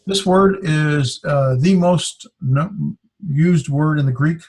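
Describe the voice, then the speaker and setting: A man teaching a classroom lesson, speaking haltingly and sounding words out syllable by syllable. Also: fairly high pitch, darkish tone, breathy edge. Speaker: Greek teacher.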